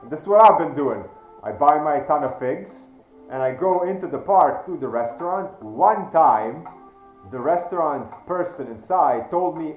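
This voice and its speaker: Brief: non-native English-speaking male host, fairly high voice, slow deliberate storytelling, echoey room. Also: darkish tone, soft background music. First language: not English. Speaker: channel host. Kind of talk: reflective storytelling monologue.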